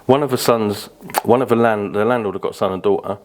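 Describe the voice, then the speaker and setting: A man's voice: fairly low pitch, fast, darkish tone. A British man from Birmingham, a podcast guest telling rambling stories with lots of fillers and casual swearing. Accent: British English. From Birmingham, England. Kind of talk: casual interview storytelling.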